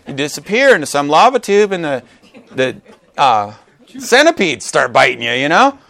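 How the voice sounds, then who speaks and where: A man preaching a sermon to his congregation. He is animated and joking, and acts out quotes with big jumps in pitch. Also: no echo. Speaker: pastor. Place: church gathering with a live congregation.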